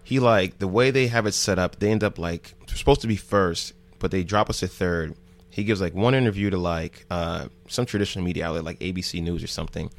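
Laid-back low-voiced man telling stories. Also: brisk. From New Jersey. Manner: laid-back, rambling, heavy on "like", swears freely. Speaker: podcast guest, news show host. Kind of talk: casual storytelling.

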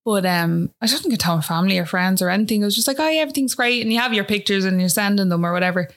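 A woman's voice: mid-range voice, rapid-fire. An Irish woman speaking as a guest, telling a personal story in a chatty, casual way that is full of fillers. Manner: chatty, fills talk with "like" and "do you know what I mean".

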